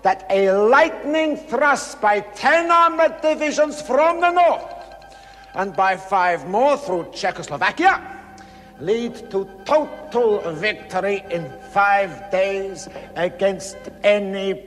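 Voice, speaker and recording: A man's voice: sits high, lively intonation, takes it slowly, a bit bright, exaggerated voice. An actor playing a male Soviet general briefing a war plan in a German-sounding accent, in a clipped military manner, heard in a film clip with reverb and music behind. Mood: commanding. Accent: German-sounding put-on accent.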